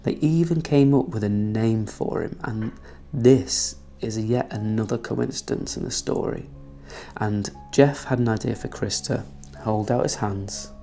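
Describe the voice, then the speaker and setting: A man's voice: lowish voice, vocal fry, mellow. A man hosting a podcast and narrating casually, with some swearing. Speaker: podcast host.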